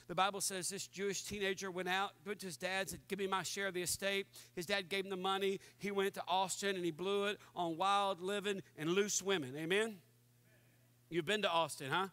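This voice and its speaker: A man preaching a lively sermon to his congregation and acting out the voices he quotes. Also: high-pitched, fairly quick. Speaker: pastor.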